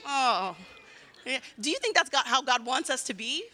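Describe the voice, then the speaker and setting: A woman giving a children's sermon in a lively way, often asking the kids questions. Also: sits high, moderate pace, big-room sound, noisy background. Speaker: children's church teacher.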